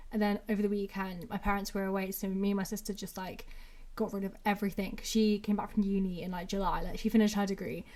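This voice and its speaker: A woman's voice: mid-range voice, a little mellow. Chatty young woman, Brummie-Manc accent. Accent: English, a mix of Brummie and Mancunian. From England. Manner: rambling and chatty, with constant "like" fillers. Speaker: podcast host. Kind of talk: casual solo podcast chat.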